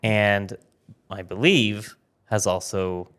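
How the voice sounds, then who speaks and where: A man's voice: lowish voice, slow pace, fairly bright tone, clean tone. A man hosting a podcast, interviewing guests in a casual, joking, self-mocking way. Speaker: podcast host.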